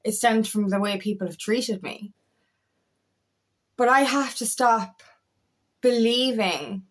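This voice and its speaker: Woman in her thirties, life coach, casual monologue, blunt and sweary, fairly high voice. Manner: frank, swears freely, repeats herself. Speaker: feminine empowerment coach.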